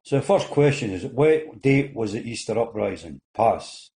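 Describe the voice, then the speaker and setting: Older Scottish man telling jokes, mellow voice. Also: mid-range voice, expressive, normal speed. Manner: folksy storyteller doing little character voices. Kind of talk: seated joke telling.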